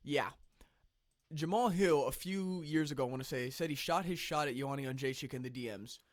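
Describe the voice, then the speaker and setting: A man hosting casual reaction commentary. He talks conversationally with restarts and clears his throat now and then, a little phlegmy from the cold. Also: fairly high pitch, a little fast, no room sound, clean studio sound. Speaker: commentary channel host.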